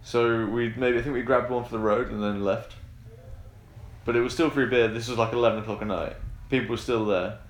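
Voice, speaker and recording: A man's voice: medium pitch, steady tone, fairly quick, echoey room. A young man telling a long anecdote in casual chat, rambling with fillers and restarts. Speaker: podcast co-host telling a story.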